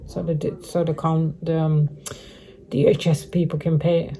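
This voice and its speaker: A woman's voice: sits low, flat delivery, measured pace, warm tone. A middle-aged woman vlogging a casual update to her viewers, rambling and repeating herself, with many restarts. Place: living rough on the streets.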